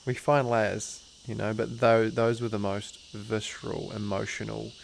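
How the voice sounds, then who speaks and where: A low, gravelly Australian man, a breathwork teacher appearing as a guest, tells a casual personal story in laid-back slang, calling the host "bro." Level-toned and unhurried, he turns earnest and emotional, sliding into soft hushed tones, with slight background noise present.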